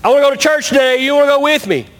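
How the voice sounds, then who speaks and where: A man's voice: sits high, sing-song, in a large hall. A man voicing a lonely single man who grows impatient with a silent pet, in a sermon story. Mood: coaxing. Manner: pleading then shouting, fast.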